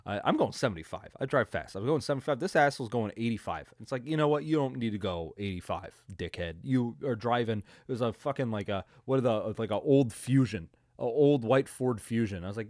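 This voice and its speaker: A man's voice: medium pitch, expressive, brisk, hardly any pauses, a little mellow, no room sound, studio quality. A man hosting his own football recap podcast, talking in a casual, profane, rambling way with jokes and laughs. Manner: profane, rambling, joking, with frequent laughs and fillers. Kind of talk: casual solo recap commentary.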